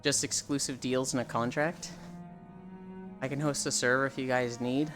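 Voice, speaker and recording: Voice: mid-range voice, fairly even intonation, normal speed, over music. A young adult livestreamer in casual, rambling chat with viewers, swearing freely and answering chat as it comes. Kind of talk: casual live-stream chat.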